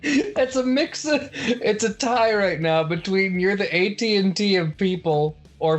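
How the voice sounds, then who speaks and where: A man's voice: sits high, a little slow, faint music behind. A man playing a tabletop game, chatting casually, rambling and laughing often. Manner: giggly, rambling, keeps laughing. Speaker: player.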